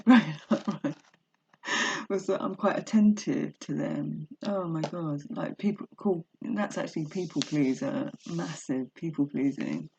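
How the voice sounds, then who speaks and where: A woman's voice: deep voice, expressive, unhurried, gravelly, darkish tone, highs cut off, slight background noise. A woman vlogging from home, reading a self-help book aloud and then rambling emotionally about her life. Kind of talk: casual personal vlog with book reading. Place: indoors at home. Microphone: laptop webcam.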